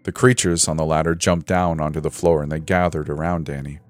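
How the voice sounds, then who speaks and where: A man narrating a horror story in a measured, dramatic storytelling voice. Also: a bass voice, steady tone, no echo. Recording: faint background music.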